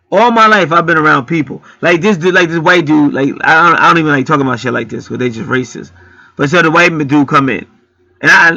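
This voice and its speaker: A man's voice: fairly high pitch, gravelly, bright, forceful tone, dry recording, muffled recording. A man hosting his own channel, telling stories in a blunt, profane, heated rambling monologue. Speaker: channel host.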